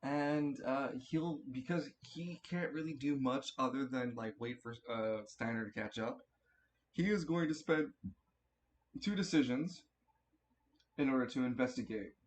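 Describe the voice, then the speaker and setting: A man's voice: medium pitch, measured pace, a little hiss or hum. A man running a tabletop game as game master, narrating turns casually, swearing freely and often restarting his sentences.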